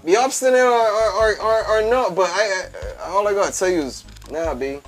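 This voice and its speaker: A man's voice: high-pitched, fairly quick, soft background music. A man, talking as a guest on a casual show, emphatic and repetitive, calling his host "B" over and over. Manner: emphatic, calls the host "B" again and again, repeats phrases. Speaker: guest fashion entrepreneur. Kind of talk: animated casual talk.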